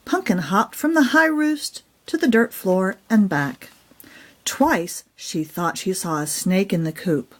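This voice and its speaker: A woman reading her own children's storybook aloud in a gentle, expressive storytelling voice. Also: medium pitch, slow.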